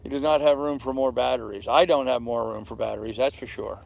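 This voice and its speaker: Talking fast with hardly a pause, this fifty-something sailing vlogger answers viewer comments on a live stream from his anchored boat. He's tired and yawning, and his mid-range voice is creaky with a darkish tone as he rambles along.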